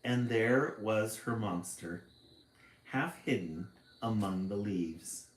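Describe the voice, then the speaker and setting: A man reading a children's picture book aloud, expressive, with chatty asides between passages. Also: on the low side, slow pace, roomy sound, slight background noise, poor audio. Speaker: storytime reader.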